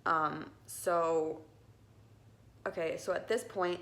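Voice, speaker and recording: Emotional young woman, gravelly edge. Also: lowish voice, fairly even intonation, takes it slowly, fairly bright tone. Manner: rambling, emotional, many restarts. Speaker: cat owner telling a story. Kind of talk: casual storytelling to camera.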